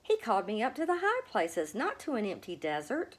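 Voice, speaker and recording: A woman voicing a frightened, tearful young woman pilgrim in a storybook reading, pleading in a high, wavering voice. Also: huge pitch swings, brisk, slight background noise.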